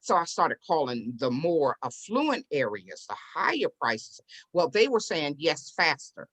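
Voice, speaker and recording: A woman's voice: deep voice, a little slow, slightly rough. A woman telling a personal story as an interview guest, acting out the voices of the people in it. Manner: animated storyteller who acts out quoted voices. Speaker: real estate investor and business owner, interview guest.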